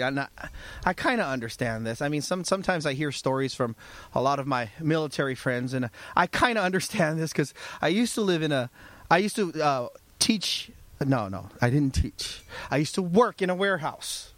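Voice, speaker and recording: High-voiced male pastor, animated sermon. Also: a little fast, no room sound. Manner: animated, conversational storytelling.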